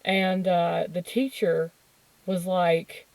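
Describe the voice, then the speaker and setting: A candid woman in her thirties tells personal stories in a low voice, laughing and cursing openly as she goes. The close mic leaves the sound dry, with no room echo. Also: flat delivery, slow, gravelly, darkish tone. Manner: candid and emotional, laughs and swears freely. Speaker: podcast host. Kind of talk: personal storytelling monologue.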